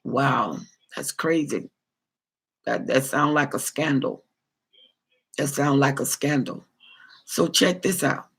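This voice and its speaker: Gravelly preachy man pastor. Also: mid-range voice, slow, pauses often, fairly bright tone. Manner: preachy, repeats phrases for emphasis. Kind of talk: livestream talk answering viewer comments.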